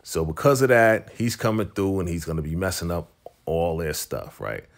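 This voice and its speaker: A man with a fairly low voice runs through a TV episode recap. He talks casually and loosely, full of slang and fillers, and slips into the characters' lines as he goes. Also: expressive, moderate pace, vocal fry. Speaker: TV recap reviewer.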